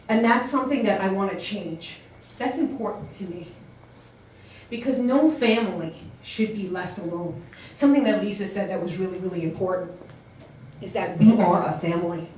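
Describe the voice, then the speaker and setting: A woman directing a family services program, giving an earnest, halting speech at a community event that builds to emphatic appeals. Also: mid-range voice, a little mellow, slight background noise. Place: large echoey event hall. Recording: echoey hall voice picked up from far off.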